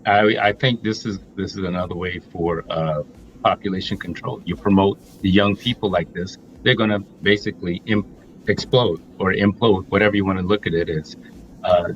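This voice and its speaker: A man's voice: sits low, fairly even intonation, normal speed, highs cut off, a little hiss or hum. A middle-aged man co-hosting a reaction talk, emphatic and blunt, laying out his points one by one. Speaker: co-host. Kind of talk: opinionated reaction commentary.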